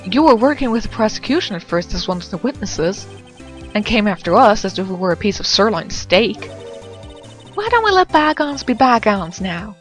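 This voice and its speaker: Gal putting on a twangy southern photographer girl, loud and pushy, pitched up high, bit of music behind. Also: close to an everyday voice. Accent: Southern US, put on. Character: brash, pushy young woman photographer with a twang.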